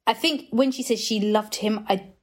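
A woman comedian appearing as a guest on a podcast, riffing playfully in casual chat. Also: on the high side. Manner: playful, quick-witted riffing.

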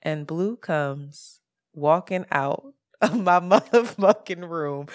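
A woman co-hosting a casual podcast, telling a story in an animated way with sudden jumps in pitch and plenty of swearing. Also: takes it slowly. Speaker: podcast co-host. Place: apartment in Brooklyn, street sirens outside.

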